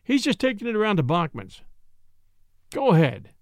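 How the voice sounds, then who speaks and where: A man reading a story, voicing a hoarse, suspicious policeman on night patrol who barks demands. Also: high voice, very animated, normal speed, no echo, clean studio sound, pitched above the performer's own voice. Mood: grudging. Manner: barking, demanding. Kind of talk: audiobook character voice.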